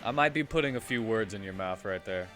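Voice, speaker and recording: A man streaming a game, chatting casually and retelling a film in a halting, rambling way. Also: fairly low pitch, expressive, a bit bright. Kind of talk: casual chat while gaming. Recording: faint game music behind.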